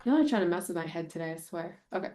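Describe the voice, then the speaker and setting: A woman chairing a town committee meeting, informal and brisk, thinking aloud as she edits a document. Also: on the low side, expressive, dark tone. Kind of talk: casual meeting talk.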